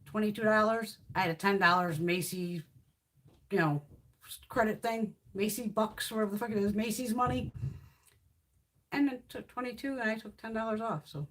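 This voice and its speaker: A woman in her fifties speaks at a normal speed in a mid-range voice. She's a beauty YouTuber chatting casually on a livestream while swatching makeup, an animated storyteller who is blunt and swears freely.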